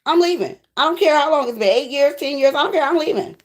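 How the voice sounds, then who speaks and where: A woman voicing a deceitful ex-lover who begs and whines in a high wheedling voice. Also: lively intonation, quick pace. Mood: mocking. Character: whiny pleading deceitful ex-lover.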